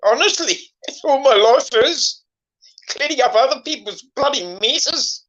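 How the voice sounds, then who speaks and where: A man's voice: very high-pitched, animated, fairly bright tone. Older man in his sixties, emotional, swears a lot, stumbles over words, dull lo-fi recording. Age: 60s. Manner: emotional, swears often, halting repeats. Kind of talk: emotional casual conversation.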